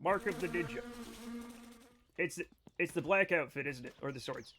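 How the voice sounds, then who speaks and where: Tipsy streamer guy, pretty high voice, blunt and sweary, just hanging out with chat. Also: moderate pace, pushed and bright, slight background noise. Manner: blunt, profane, opinionated. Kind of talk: casual chat with stream viewers.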